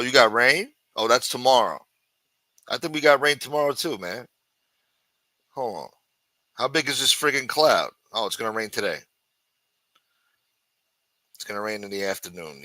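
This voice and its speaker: A man hosting a casual livestream, greeting viewers with loud mock-preacher calls, crude banter and sing-song asides. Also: on the low side, no room sound. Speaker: livestream host. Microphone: desk microphone.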